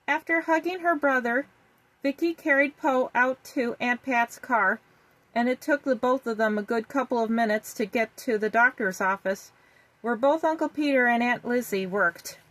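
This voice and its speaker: A woman reading a children's story aloud in a gentle, even storytelling manner. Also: a little high, moderate pace, poor audio.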